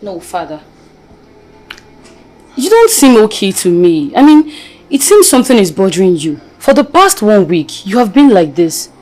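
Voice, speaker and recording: A woman's voice: mid-range voice, sing-song, normal speed, a little mellow. An actress with a Nigerian accent playing a young princess pressing her father about what troubles him. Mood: concerned. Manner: concerned, pressing.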